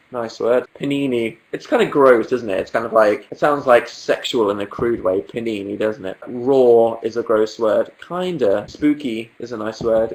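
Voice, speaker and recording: A young man talks into his webcam mic from the sofa at home, reading out viewer questions. His humor is dry and self-mocking, with plenty of deadpan asides. The tone stays casual throughout. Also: mid-range voice, rough recording. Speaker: livestream host. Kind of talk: casual livestream chat.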